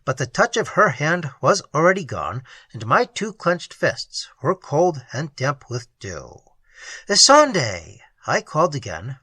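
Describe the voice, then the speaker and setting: Audiobook narrator, dramatic delivery, bright tone, very lively pitch. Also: husky, dry recording. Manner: expressive reading with sweeping pitch swings.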